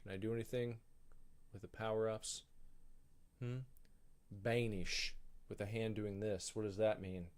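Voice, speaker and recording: A man's voice: on the low side, flat delivery, unhurried, pauses often. A man giving casual, rambling commentary while streaming a video game, thinking aloud and grumbling as he goes. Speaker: gaming streamer.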